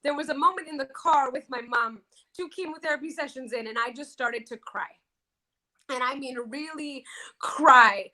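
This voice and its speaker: Interview guest: woman, high and bright, emphatic storyteller who stresses key phrases. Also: normal speed. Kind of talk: emotional personal storytelling.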